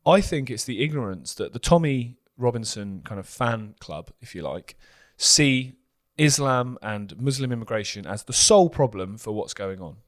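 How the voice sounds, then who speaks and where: A man's voice: medium pitch, animated, moderate pace, few pauses. A man co-hosting a news commentary show, talking earnestly in long run-on points.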